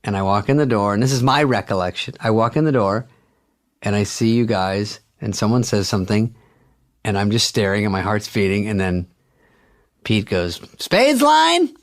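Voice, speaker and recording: A man telling a story with dry, wry humor and casual swearing as a guest in a relaxed chat. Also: fairly low pitch, moderate pace.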